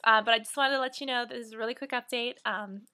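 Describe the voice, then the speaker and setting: A woman's voice: on the high side, steady tone, fast talker, pushed and bright. A 19-year-old woman vlogging from home in a rambling, chatty way, full of fillers. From United States. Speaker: beauty vlogger. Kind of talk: casual chat to camera. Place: at home, near the kitchen.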